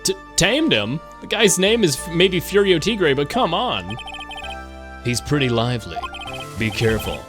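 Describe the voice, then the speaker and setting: A man voicing an earnest, excitable male detective. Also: a little high, measured pace. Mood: eager. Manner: excitable, says pal. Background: game music.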